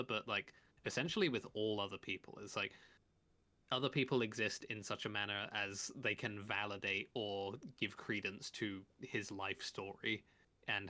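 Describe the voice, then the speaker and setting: A man with a low but bright, forward voice analyzes a TV episode. He talks in a measured, thoughtful way. He builds his points step by step. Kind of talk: casual analytical chat.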